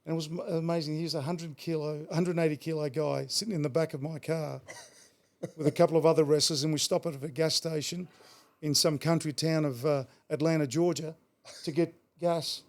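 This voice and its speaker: A middle-aged Australian man with a gravelly voice pitched a little high for a man. He rattles through his stories at a fast clip, blunt, swearing freely and often repeating words. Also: fairly even intonation. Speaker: guest. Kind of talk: casual storytelling.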